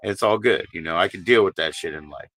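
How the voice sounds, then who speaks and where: Blunt, bright-voiced low-pitched man. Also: fast talker, slightly rough, dry recording. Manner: blunt, profane, consoling. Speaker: livestream host. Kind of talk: casual live stream chat. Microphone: streaming mic.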